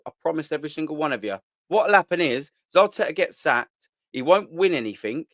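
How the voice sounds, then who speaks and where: A young man rants on a live fan stream, repeating himself and swearing as he works up his anger. His voice sits fairly high. The sound is dry and close, with no room echo. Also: fairly bright tone. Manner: heated, ranting, repetitive, swears. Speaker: host of a live fan channel. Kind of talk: live-stream rant reading the chat.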